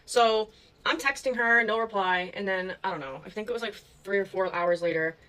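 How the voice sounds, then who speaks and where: A woman's voice: mid-range voice, a little fast, pushed and bright, rough recording. A young woman telling a story to her viewers in a casual, chatty way, full of fillers and swearing.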